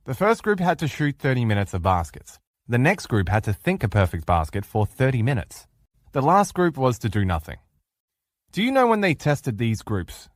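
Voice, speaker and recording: A man giving a motivational lecture as a relationship coach, telling stories with emphatic, lively delivery. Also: medium pitch, no echo, clean studio sound. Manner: emphatic animated storyteller.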